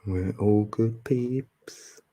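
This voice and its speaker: A man's voice: fairly low pitch, drawn-out words, warm tone. A man, chatting casually with viewers on a live stream, laughing often and teasing them.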